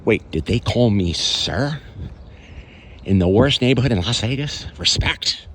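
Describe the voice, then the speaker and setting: A man's voice: medium pitch, expressive, a little slow, a bit bright, a little hiss or hum. A man walking through his own neighborhood outdoors, chatting to the camera in a casual, sarcastic way. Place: outdoors on city streets.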